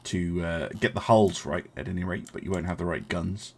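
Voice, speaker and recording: A young man offers relaxed commentary while streaming a strategy game, thinking out loud, talking with viewers and dropping frequent ums and uhs into the pauses. His voice is deep and steady, with a little hiss or hum in the recording.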